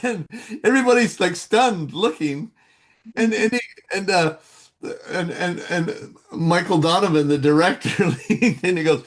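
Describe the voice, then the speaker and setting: A man who works as a voice actor, a guest in a casual interview, telling animated stories and laughing often. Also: high voice, unhurried.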